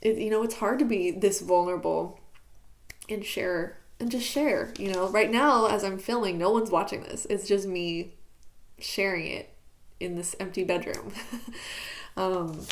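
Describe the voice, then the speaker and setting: A woman's voice: medium pitch, unhurried. A woman talking candidly in a reflective personal vlog, searching for words with many fillers, recorded in her bedroom. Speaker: YouTuber. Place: bedroom at home.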